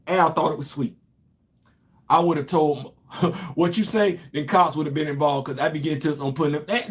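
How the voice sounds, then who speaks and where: On his casual opinion show, a middle-aged New York host talks with emphasis, his volume swinging from loud points down to low asides.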